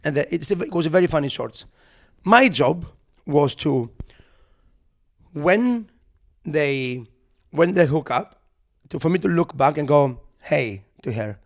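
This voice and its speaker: A man co-hosting a podcast, telling a comic story in casual chat, animated and swearing, acting out the people he quotes. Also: a little high, a little slow. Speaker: podcast co-host. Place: podcast recording.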